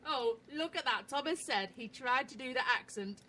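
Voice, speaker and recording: A woman's voice: high-pitched, animated, normal speed, bright, forceful tone, a little hiss or hum. An English woman co-hosting a casual chat show, teasing cheekily and laughing often. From England. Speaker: co-host.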